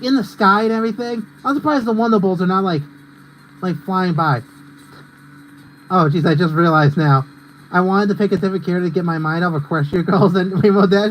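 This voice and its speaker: A man's voice: sits high, a little hiss or hum, rough recording. A young man streaming a racing game, rambling and ranting in casual commentary with lots of fillers. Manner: rambling and ranty, heavy on fillers.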